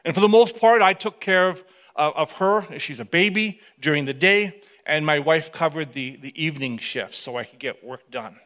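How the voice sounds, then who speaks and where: Bright, high-voiced man preaching a story. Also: moderate pace. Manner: animated, dramatic storytelling that drops to hushed tones. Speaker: pastor. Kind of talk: storytelling sermon.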